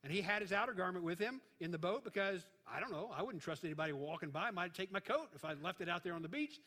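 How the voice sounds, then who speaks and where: A man preaching a conversational Bible-teaching sermon, animated and joking, acting out voices as he retells the passage. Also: high voice, fast talker, hardly any pauses. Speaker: pastor. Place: church sanctuary. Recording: long reverb of a large hall.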